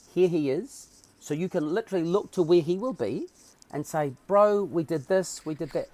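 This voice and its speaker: A man's voice: a little high, normal speed, no echo. A man with a New Zealand accent, a podcast guest telling a story and acting out the dialogue. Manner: acts out dialogue with lively swings in voice. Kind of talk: animated storytelling.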